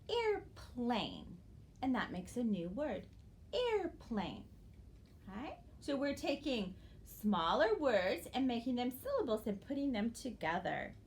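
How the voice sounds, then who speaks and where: Woman teacher, slow careful delivery, lively pitch, drawn-out words, faint background hiss. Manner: encouraging, addresses young students directly. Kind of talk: early-grade phonics lesson.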